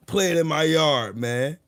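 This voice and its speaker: A man's voice: fairly high pitch, slow, fairly bright tone, dry recording, clean studio sound. A man hosting a casual livestream, joking crudely and swearing often. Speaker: livestream host. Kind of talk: casual live-stream chat.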